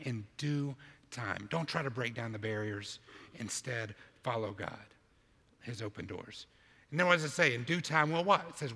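A man preaching a sermon as a church planter, telling a story in an animated way and acting out his own side of a conversation. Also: mid-range voice, gravelly, slightly rough, in a large hall.

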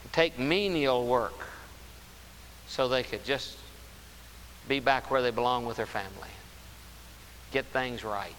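A man's voice: mid-range voice, fairly bright tone. A man preaching a sermon, emphatic, stretching key words and repeating phrases. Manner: emphatic, drawn-out stresses and repetition. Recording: roomy hall reverb with faint hiss.

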